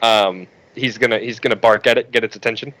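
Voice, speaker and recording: A man's voice: lowish voice, fairly even intonation, fast, fairly bright tone, poor audio. A man playing a tabletop game with friends, methodically laying out his moves and checking the rules. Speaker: player. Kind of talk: casual tabletop game chat.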